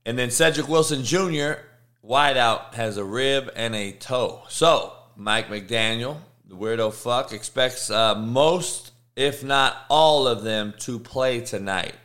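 A man's voice: medium pitch, slow pace, a bit bright. A man hosting a sports betting show, reading injury news in a casual, offhand way with frequent swearing. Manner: profane, offhand, reads news aloud.

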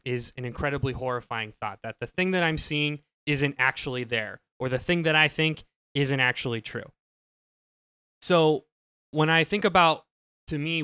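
A man's voice: mid-range voice, pushed and bright, smooth, no echo. A man co-hosting a podcast, explaining his pick enthusiastically with frequent restarts. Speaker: podcast co-host. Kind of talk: casual chat.

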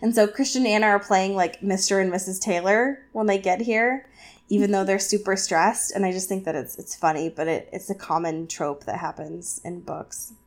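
A woman co-hosting a casual podcast, recapping a novel chapter with lots of fillers and quick asides. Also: mid-range voice, steady tone. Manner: chatty, filler-heavy, acts out characters in quick asides. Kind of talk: casual chat.

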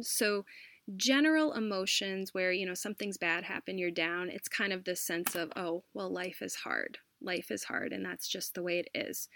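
A woman, a teacher, speaking in an earnest, reflective and conversational way, with occasional soft laughs. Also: medium pitch, dry recording, studio quality. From United States. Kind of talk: casual conversational storytelling.

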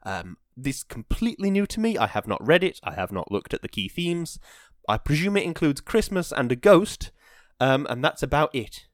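A man's voice: on the high side, normal speed, no echo. Chatty man, dry close mic. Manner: chatty and self-deprecating, with bursts of excitement. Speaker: podcast host. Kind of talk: rambling casual chat, then reading a story aloud.

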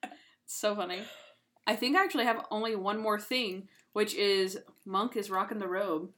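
A woman co-hosting a casual podcast, eagerly recapping a TV episode. She talks in quick bursts, filling her story with "like". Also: medium pitch. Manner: lively retelling with lots of "like". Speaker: podcast co-host.

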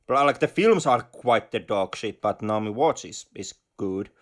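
A man's voice: lowish voice, animated, normal speed. A man co-hosting a film podcast, talking casually with hesitant restarts. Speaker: podcast co-host.

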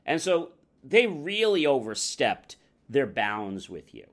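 Brief: male talk host, conversational advice, mid-pitched voice. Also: sing-song, slow pace, fairly bright tone. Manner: conversational, explaining, uses fillers. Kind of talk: advice talk with acted-out examples.

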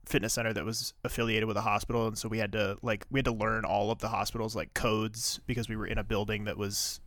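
A man co-hosting a podcast who recaps a TV episode in animated, profane chat and acts out quotes with laughs. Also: fairly low pitch, fast, no echo. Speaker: podcast co-host.

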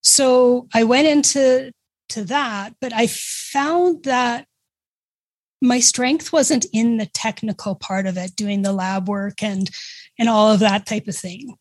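A woman with a Canadian accent, a guest who runs a pet care business, speaking in a measured, earnest, reflective way. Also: fairly high pitch, dry recording. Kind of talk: casual interview chat.

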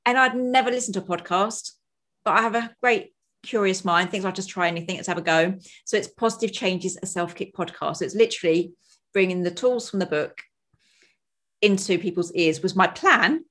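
A woman in her forties, a podcast guest and author, talking quickly and casually, acting out quotes in a higher voice and laughing often. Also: a bit bright. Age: 40s. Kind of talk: casual conversation.

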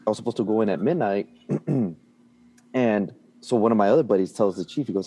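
A man with a warm, mellow voice talks through a story from his working life. He is animated and blunt, with casual swearing and plenty of fillers. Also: on the low side, brisk, slightly rough. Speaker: guest.

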